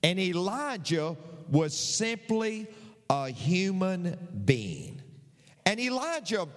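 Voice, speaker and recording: Older preacher man, lively and echoing. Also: a little high. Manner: emphatic, repetitive, folksy preaching with humor. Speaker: pastor. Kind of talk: sermon.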